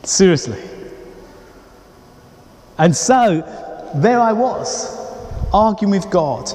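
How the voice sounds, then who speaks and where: A middle-aged man preaching a sermon as a pastor, animated and conversational with chatty asides. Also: high voice, extremely slow. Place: church. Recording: reverberant church hall.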